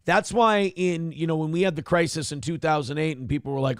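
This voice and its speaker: A male morning show host who reacts to the news with blunt, profane commentary. His voice sits a bit high for a man, and the sound is close and dry. He talks in an animated, offhand way. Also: a little fast, no room sound. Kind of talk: casual political commentary.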